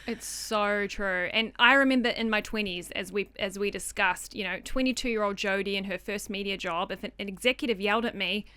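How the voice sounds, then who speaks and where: Bright-voiced woman podcast host. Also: mid-range voice, a little fast, hardly any pauses, smooth, no echo. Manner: affirming, lots of backchannel. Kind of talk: interview chat.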